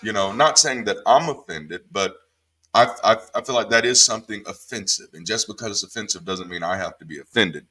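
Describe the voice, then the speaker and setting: Speaking at a moderate pace, this man, once a pastor, offers casual commentary on the Bible. He's animated and emphatic, curses freely, and jumps between quiet, low remarks and sudden sharp, high bursts.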